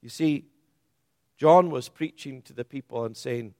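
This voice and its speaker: A man preaching a sermon, stressing key words by rising and then dropping low and soft. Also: a little slow, no room sound, studio quality.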